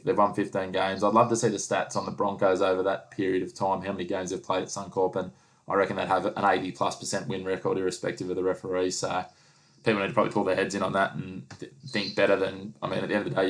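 A man hosting a casual sports chat, blunt and teasing, pushing his co-host for answers. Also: sits low. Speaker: podcast host.

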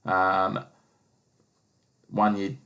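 A man's voice: low voice, completely flat delivery, very slow, bright, forceful tone. A man hosting a casual sports chat, blunt and teasing, pushing his co-host for answers. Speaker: podcast host.

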